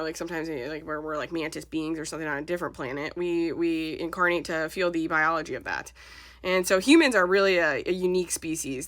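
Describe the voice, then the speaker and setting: A woman's voice: lowish voice, a bit bright, no echo. A woman in her thirties talking casually about her spiritual channeling, rambling with many filler words and swearing freely.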